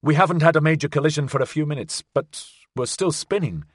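A man's voice: on the high side, fairly quick, dry recording, clean studio sound, voice pushed up, close to an everyday voice. A man voicing a tough, injured woman pilot who speaks tersely and bluntly in an audiobook. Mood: tense.

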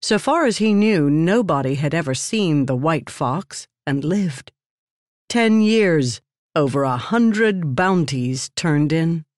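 A woman narrating a fantasy story in a measured, even way. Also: sits low, dry recording, clean studio sound.

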